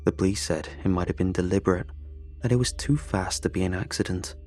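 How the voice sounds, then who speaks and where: A man's voice: low-pitched, fast talker, a little mellow, faint music behind. A man narrating a first-person horror story in a tense, confessional way.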